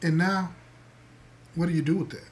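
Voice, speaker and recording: A man's voice: a little high, steady tone, normal speed. A man telling a story to listeners, emphatic, repeating key words and calling them "y'all". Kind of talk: spoken storytelling to an audience.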